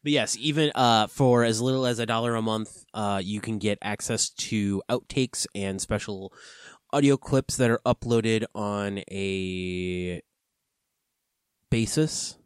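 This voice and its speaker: A man's voice: fairly low pitch, fairly even intonation, slow, clear, resonant tone, dry recording, studio quality. A man co-hosting a podcast in casual chat, joking and rambling through plugs with fillers. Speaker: podcast co-host.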